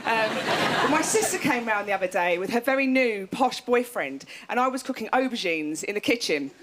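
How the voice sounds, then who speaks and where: A woman's voice: fairly high pitch, expressive, fairly quick. A woman in her thirties doing a stand-up set, chatty and self-mocking, often breaking into laughs. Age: 30s. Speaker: stand-up comedian. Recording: loud noisy stage recording.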